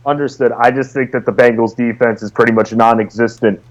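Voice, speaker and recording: A man's voice: medium pitch, fairly even intonation, brisk. A man co-hosting a live fantasy sports talk show, giving short, confident opinions and agreeing readily. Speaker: fantasy sports radio co-host. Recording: slightly dull, lo-fi audio.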